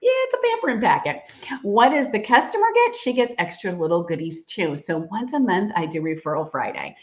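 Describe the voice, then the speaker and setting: A middle-aged woman giving a live-streamed sales training, talking fast and chatty and calling her listeners girl and y'all. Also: medium pitch, very animated, dull audio. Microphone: computer mic on a live stream.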